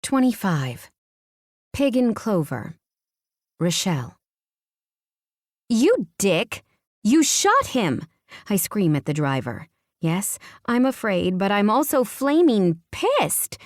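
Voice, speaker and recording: A woman with a slightly low voice reads a romance audiobook in first person. Her telling is breathless and emotional, recorded close and dry. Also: no room sound. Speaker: audiobook narrator.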